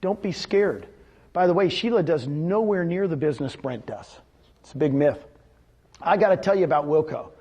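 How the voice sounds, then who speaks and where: Husky, high-voiced man pitching to a crowd. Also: moderate pace. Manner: energetic, quizzes listeners with rhetorical questions. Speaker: seminar speaker. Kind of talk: motivational sales talk to a live audience. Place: in front of a live audience.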